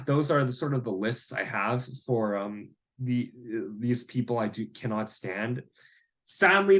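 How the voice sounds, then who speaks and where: Male vlogger, average pitch, casual rambling monologue. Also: fairly bright tone. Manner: rambling, heavy use of "like" and "you know". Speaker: vlogger and landlord.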